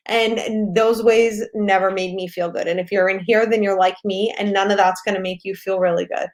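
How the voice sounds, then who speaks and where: A woman business coach giving a casual course lecture, loud and excitable, swearing freely and laughing often. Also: medium pitch.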